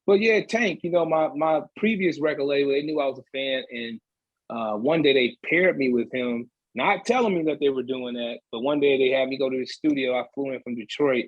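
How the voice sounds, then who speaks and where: A man's voice: medium pitch, a little fast, dry recording. A man, a guest singer on a casual podcast interview, talking in a laid-back way on a slightly dull, muffled mic. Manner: laid-back, laughs easily.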